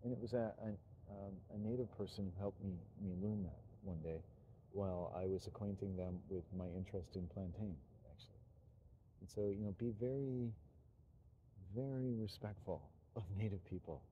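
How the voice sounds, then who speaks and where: A man's voice: fairly low pitch, moderate pace, phone-quality sound, a little hiss or hum. A middle-aged man giving an earnest, rambling personal monologue to his channel, swearing when stirred. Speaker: YouTuber.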